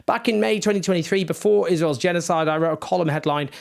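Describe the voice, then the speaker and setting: A man's voice: on the high side, quick pace, creaky. A man giving impassioned, indignant political commentary with sarcastic asides.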